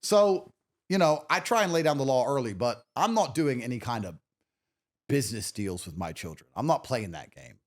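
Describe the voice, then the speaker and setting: A swaggering man talks as a podcast guest, his voice rising and falling a lot over a middle pitch. He is blunt and profane, and he tells stories with a cocky edge. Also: animated, moderate pace. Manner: brash, profane, swaggering storyteller. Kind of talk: casual chat.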